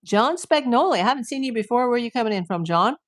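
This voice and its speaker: Chatty woman streamer with a higher voice. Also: expressive, quick pace. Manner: chatty, rambling, lots of "like". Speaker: YouTube live streamer. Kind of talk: casual live-stream chat with viewers.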